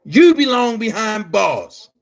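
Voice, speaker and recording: A man delivering a heated, profane rant to his viewers, shouting at times. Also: high-pitched, very animated, takes it slowly, vocal fry. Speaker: commentary vlogger. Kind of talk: angry rant to camera.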